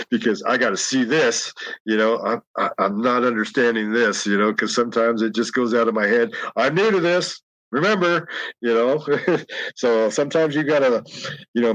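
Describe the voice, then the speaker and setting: A man's voice: mid-range voice, no room sound, muffled recording. A middle-aged man telling long, rambling stories in casual chat, often breaking into laughs. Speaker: guest telling encounter stories. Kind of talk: casual storytelling.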